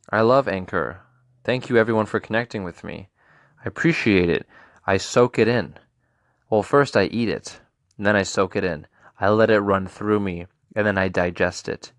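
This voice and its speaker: A man's voice: fairly low pitch, a bit bright, no echo, clean studio sound. A man in his twenties hosting his own podcast, talking in a playful, rambling and earnest way. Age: 20s. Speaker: podcast host. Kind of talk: casual solo podcast monologue.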